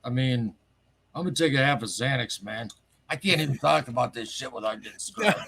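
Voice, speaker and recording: A man calling in to a show, telling a strange story in a rambling, excitable way and swearing casually. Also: mid-range voice, fairly quick, vocal fry, breathy edge. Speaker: caller sharing a paranormal story.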